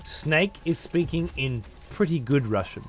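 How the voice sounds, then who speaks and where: A man's voice: a little high, lively intonation, a little slow. A young man giving casual, profane commentary while playing a game and thanking viewers. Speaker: let's play streamer.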